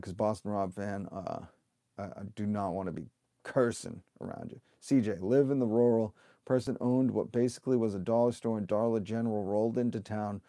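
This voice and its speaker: A man's voice: mid-range voice, dark tone, no room sound, clean studio sound. A man in his thirties hosting a livestream, talking in an impassioned, emphatic way with lots of rhetorical questions, occasionally swearing. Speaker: livestream host and union organizer. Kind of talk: impassioned livestream rant to viewers.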